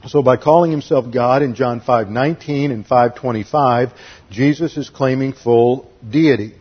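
A man's voice: medium pitch, moderate pace, slightly rough, lo-fi sound. A man teaching a methodical expository sermon, listing numbered points and spelling out words. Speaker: Bible teacher.

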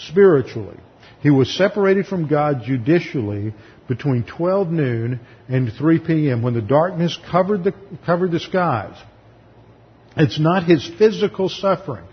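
A man's voice: on the high side, breathy edge. A man teaching through a Bible passage in a sermon, explaining it emphatically and sometimes acting out the people he quotes. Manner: explanatory, emphatic, acts out voices when quoting. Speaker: pastor. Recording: lo-fi recording in a reverberant hall.

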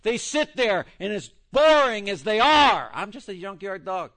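A male preacher with a high, bright voice that swings widely up and down. He preaches in rambling fashion, sliding into quick joking asides. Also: sing-song. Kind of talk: sermon. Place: church in Texas.

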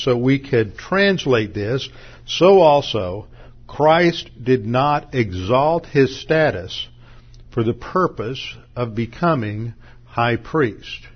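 A man's voice: medium pitch, lo-fi sound. A man teaching from the Bible, working methodically through Greek verb grammar, with small restarts along the way. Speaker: pastor.

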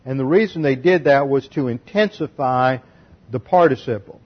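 In a dull lo-fi recording, a pastor with a medium-pitched voice at normal speed delivers a methodical expository sermon. He works point by point through Greek grammar.

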